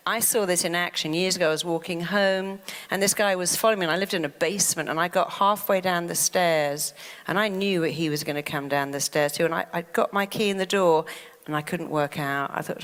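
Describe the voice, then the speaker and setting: A woman therapist giving a lively motivational talk who often acts out anxious inner voices. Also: fairly low pitch, moderate pace, smooth, in a large hall.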